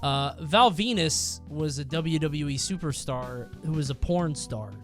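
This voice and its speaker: A young man streaming himself reacting to viewer stories, animated and quick to exclaim and swear. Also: fairly high pitch, music in the background. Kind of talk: casual reaction commentary.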